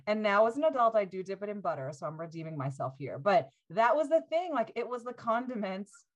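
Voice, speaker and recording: Animated woman, laughing storyteller. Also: medium pitch, brisk, lo-fi sound. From United States. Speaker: guest. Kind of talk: casual podcast conversation.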